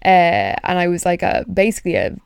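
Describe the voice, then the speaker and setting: A young woman with a husky voice, chatting casually and swearing a lot as a podcast host. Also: on the low side, fairly quick, no echo, clean studio sound. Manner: sweary, animated, rambling. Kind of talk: casual chat.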